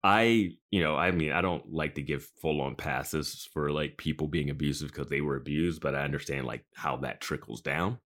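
A man's voice: very deep voice, normal speed, hardly any pauses, a bit bright. A man co-hosting a TV recap podcast in casual chat, reflecting thoughtfully with many fillers like "like" and "you know". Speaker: podcast co-host.

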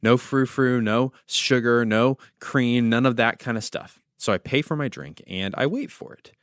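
Man, podcast host, devotional teaching, wry asides, mid pitch, dry recording. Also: moderate pace, no echo. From United States.

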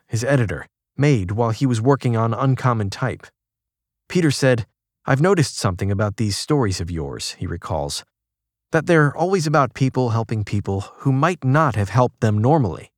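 A man narrating a magazine profile in an even, measured reading, at a mid pitch for a man. He goes quieter and lower when he voices quoted lines. The sound is close and dry, with no room around it. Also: no room sound. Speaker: article narrator.

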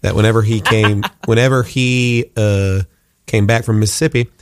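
A man's voice: lowish voice, fairly even intonation, moderate pace, no room sound. A man from Georgia chatting casually, stammering and jokey as he tells an anecdote. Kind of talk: casual chat.

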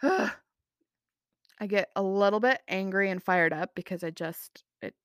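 A young woman hosts her podcast in loose, rambling chat, poking fun at herself as she drifts off track. Her voice sits at an ordinary middle pitch. The sound is dry and close, with no room around it. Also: slow pace, smooth, no echo. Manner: rambling, chatty, self-mocking. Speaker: podcast host. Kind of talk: casual chat.

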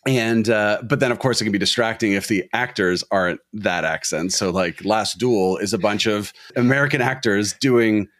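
A man's voice: fairly low pitch, moderate pace, few pauses, fairly bright tone, no echo, studio quality. A man co-hosting a film podcast, talking casually in a wry, rambling, analytical way. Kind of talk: casual discussion.

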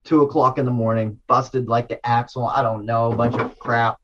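A middle-aged man recounts a personal experience in loose, excitable bursts, backtracking and apologizing as he goes. His voice sits at an ordinary male pitch. The recording is a bit dull and lo-fi. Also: moderate pace, a little hiss or hum. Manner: rambling and excitable, with many restarts and apologies. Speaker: storyteller sharing a personal spiritual experience. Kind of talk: casual personal storytelling.

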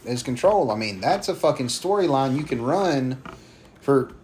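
Dude on a podcast rambling and cussing, mid pitch, faint hiss behind him. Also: male voice, animated, a little mellow. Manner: profane, rambling, acts out promos in quick voices. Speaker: podcast co-host. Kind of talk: casual podcast chat.

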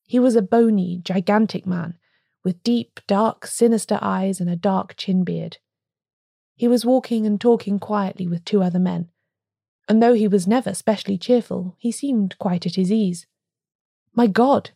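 Woman narrator with a dark, gravelly voice. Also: medium pitch, moderate pace, no echo, studio quality. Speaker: audiobook narrator. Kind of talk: scripted narration.

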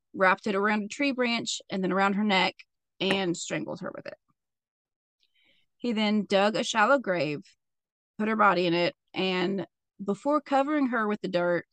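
A woman's voice: medium pitch, fairly bright tone, no room sound. A woman co-hosting a podcast, telling a true crime story in casual chat with sarcastic, laughing asides.

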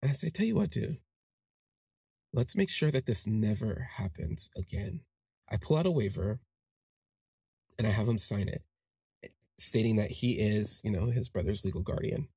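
A man hosting a podcast, telling a personal story in a casual monologue and acting out the people in it with big jumps in pitch. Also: moderate pace, breathy edge, dry recording, clean studio sound. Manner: animated, acts out quoted voices with big pitch jumps. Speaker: podcast host.

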